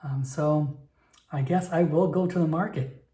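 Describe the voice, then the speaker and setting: A man's voice: fairly high pitch, measured pace, dark tone, slight background noise. A man playing a solo tabletop game and narrating it in a rambling, chatty way, full of fillers and restarts, recorded in an echoey room.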